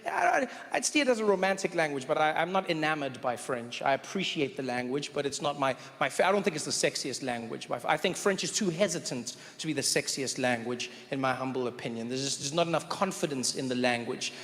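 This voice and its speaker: Wry stand-up comedian in a big hall. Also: male voice, fairly high pitch, expressive, fairly quick, few pauses, fairly bright tone. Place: comedy stage in a large venue. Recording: reverberant hall, faint ambience.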